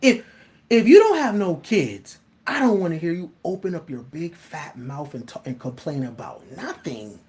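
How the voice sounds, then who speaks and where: Male host, blunt and profane, animated casual monologue, laughs a lot. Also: a little high, moderate pace. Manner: laughs often.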